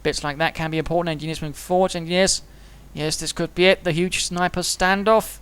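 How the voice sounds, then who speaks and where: Fast-talking male game commentator. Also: fairly high pitch, steady tone, fairly bright tone, smooth. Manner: fast, chatty, dryly humorous, British turns of phrase.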